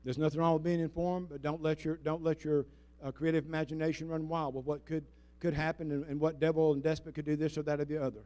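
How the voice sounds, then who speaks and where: Guy pastor preaching a sermon, kinda high voice, gets loud then quiet, keeps the crowd talking back. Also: quick pace, hardly any pauses. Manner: animated preacher, leads congregation call-and-response; dramatic swings in loudness, shifting between emphatic and hushed. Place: church sanctuary before a congregation.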